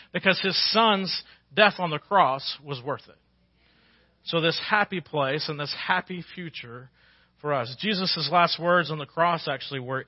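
A man's voice: fairly high pitch, no room sound, highs cut off. A man preaching a sermon as pastor, folksy and conversational, rising to emphatic peaks.

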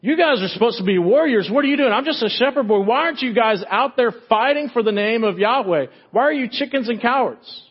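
A man's voice: high voice, rapid-fire, few pauses, husky, dull audio, pitched above the performer's own voice. A preacher doing a fired-up young shepherd boy. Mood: indignant. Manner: fired-up, scolding questions.

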